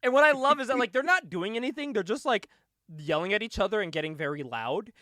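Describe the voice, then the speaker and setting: A man's voice: high voice, animated, fast, sharp tone, no room sound, clean studio sound. A man co-hosting a podcast, animatedly retelling events, acting out quotes and laughing often. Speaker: podcast co-host. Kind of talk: casual chat.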